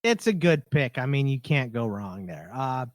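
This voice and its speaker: A man's voice: medium pitch, very animated, normal speed, dry recording, clean studio sound. Laid-back male sports podcast co-host. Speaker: fantasy football podcast co-host. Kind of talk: casual sports talk.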